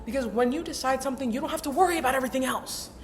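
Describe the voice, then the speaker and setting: Rapid-fire and pitched high, this young vlogger's voice comes with slight background noise. She gives a casual motivational talk on mindset, emphatic, chatty and slangy, acting out the voices in her head.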